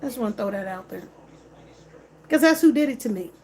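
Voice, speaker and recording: Woman venting on her vlog, high voice, slangy, keeps repeating herself. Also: a little fast. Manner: animated, repetitive, emphatic, slangy. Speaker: vlogger. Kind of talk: casual direct-to-camera rant.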